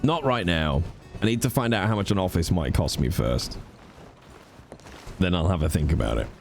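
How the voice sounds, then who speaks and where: A man's voice: sits low, animated, normal speed, creaky. A man chatting casually and joking at himself while streaming a roleplay game. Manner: joking, self-mocking. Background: music.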